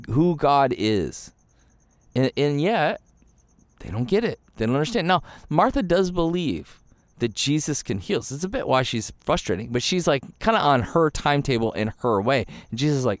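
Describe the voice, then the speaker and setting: Animated conversational male preacher. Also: medium pitch, dry recording. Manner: conversational, animated, acts out quoted voices. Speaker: pastor. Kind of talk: sermon.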